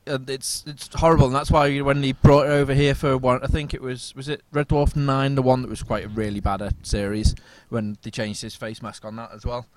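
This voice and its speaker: A man's voice: mid-range voice, little pitch movement, fairly quick, hardly any pauses, darkish tone, a little hiss or hum. Easygoing man on a podcast. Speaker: podcast co-host. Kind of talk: casual chat. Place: comic convention.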